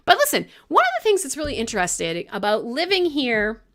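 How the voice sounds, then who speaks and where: A woman's voice: sits high, huge pitch swings, a little fast, a bit bright. A young woman from Canada hosting a live radio show, with irreverent chat full of jokes, laughter and swearing.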